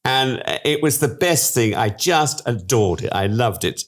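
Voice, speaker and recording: A man's voice: medium pitch, expressive, measured pace. An older man, a guest in an interview, telling stories in a theatrical, gushing way and laughing often. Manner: theatrical, gushing storyteller who laughs a lot. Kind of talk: anecdotal interview chat.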